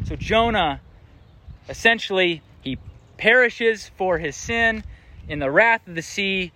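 Young male preacher, casual and interactive, bright high voice. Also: lively intonation, slow. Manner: casual, asks the audience questions. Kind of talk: interactive sermon.

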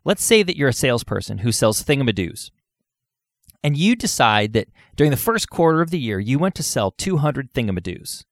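A man's voice: on the high side, no echo, studio quality. A man hosting a solo podcast, talking earnestly and asking his listeners rhetorical questions.

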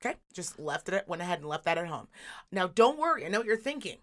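A woman co-hosting a podcast, telling a story in casual chat, profane and animated, acting out the people she quotes. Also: lowish voice, fast. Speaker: podcast co-host.

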